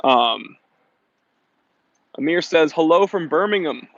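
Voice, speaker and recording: A man's voice: a little high, expressive, slow, fairly bright tone, no room sound. An American man hosting a casual live stream, chatty and upbeat, reading viewer comments aloud and laughing often, with slightly dull lo-fi stream audio.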